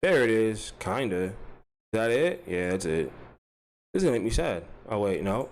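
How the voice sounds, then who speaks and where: A man hosting an unscripted commentary vlog, swinging between loud mock-threatening rants and low muttering. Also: moderate pace. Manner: loud and animated, pitch jumping up high; drops low and mumbly, muttering to himself. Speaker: commentary channel host.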